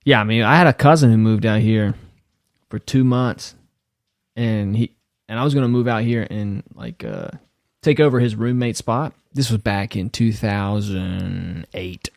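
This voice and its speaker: A man's voice: lowish voice, expressive, measured pace, creaky, dry recording, studio quality. A man in his thirties hosting a podcast, chatting casually, laid-back, often saying "man" and "dude" and laughing. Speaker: podcast host. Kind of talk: casual chat.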